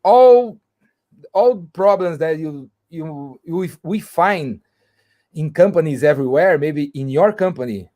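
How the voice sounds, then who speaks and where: A man explains a business topic, stopping and restarting his phrases often. His voice sits a little high for a man. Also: lively intonation, dark tone. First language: Portuguese. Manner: halting, with frequent restarts and fillers. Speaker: guest speaker. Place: video call.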